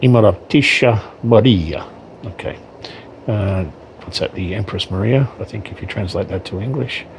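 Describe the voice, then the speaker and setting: A man's voice: low voice, normal speed, creaky, background noise. A man giving casual unboxing commentary on his miniatures, hesitant, with frequent ums and self-corrections. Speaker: wargaming hobbyist reviewing miniatures.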